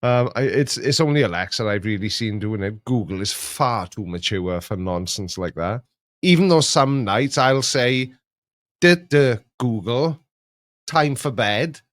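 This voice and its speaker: A man's voice: lowish voice, animated, normal speed, dry recording, studio quality. A man hosting a casual stream, joking, laughing often and slipping into playful voices. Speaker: host.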